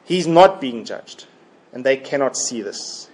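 A man preaching a Bible sermon in a deliberate, emphatic way, often repeating his key phrases. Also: medium pitch, animated, darkish tone.

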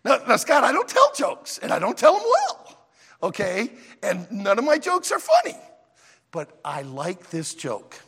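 A man preaching a sermon in a church auditorium, an animated, emphatic storyteller, with long hall reverb. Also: high-pitched, measured pace, slightly rough. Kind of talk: sermon with a told joke.

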